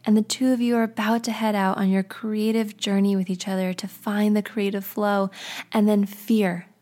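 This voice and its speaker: A woman hosting a podcast, narrating a guided story in a soft, often half-whispered way. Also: mid-range voice, little pitch movement, moderate pace. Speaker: podcast host.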